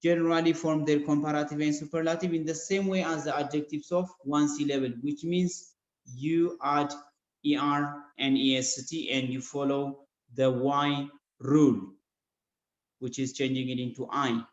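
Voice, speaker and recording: A male English teacher with an Ethiopian accent giving an online grammar lesson, explaining rules slowly and spelling out letters one by one. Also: a little high, little pitch movement. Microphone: video call. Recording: dull echoey video-call audio.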